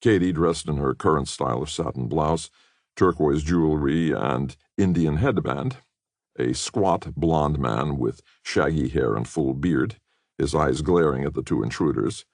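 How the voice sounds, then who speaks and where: A man reading a spy novel as an audiobook narrator, measured and expressive. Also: rumbling low, no echo, studio quality. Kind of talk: scripted narration.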